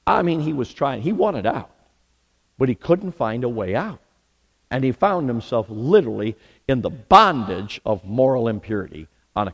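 A man's voice: medium pitch, muffled recording. A man preaching a sermon as pastor, emphatic, asking the congregation rhetorical questions. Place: church sanctuary. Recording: long reverb in a church hall.

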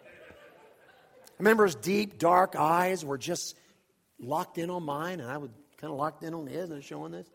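Animated preacher man in a reverberant hall. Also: a little high, moderate pace, vocal fry. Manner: animated, dramatic, swings from hushed to shouting. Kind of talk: storytelling sermon. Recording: long reverb of a large hall.

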